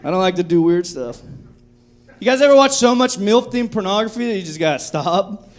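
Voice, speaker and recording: High-voiced man doing stand-up comedy. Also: lively intonation, fairly quick. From Texas. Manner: profane, dark, self-mocking jokes. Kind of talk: live stand-up set. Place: comedy club stage. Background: audience laughter.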